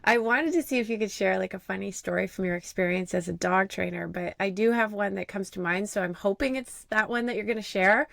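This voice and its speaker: A woman's voice: medium pitch, brisk, gravelly, hardly any pauses, fairly bright tone, no room sound, clean studio sound. A woman hosting a podcast interview, upbeat and encouraging toward her guest. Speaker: podcast host. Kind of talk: casual interview.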